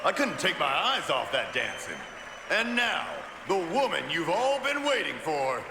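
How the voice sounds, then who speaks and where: A man's voice: on the high side, very animated, a little slow, vocal fry, echoey room, long reverb tail, a crowd in the background, noisy background, full character voice. An actor playing a flamboyant male nightclub announcer who draws out his words in a showy way.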